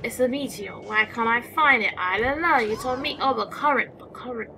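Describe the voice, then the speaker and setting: A woman's voice: on the high side, moderate pace, pushed and bright, a little hiss or hum. A woman giving casual let's-play commentary, chatty, talking to the game creatures, exclaiming and muttering as she plays. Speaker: gameplay commentator. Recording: music playing behind the voice.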